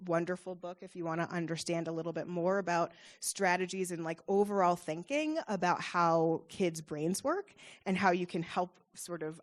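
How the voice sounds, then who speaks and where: Woman therapist talking to parents, kinda low voice, easygoing and chatty w lots of ums. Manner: chatty and encouraging, with frequent fillers. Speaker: child therapist presenting to parents. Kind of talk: informal presentation.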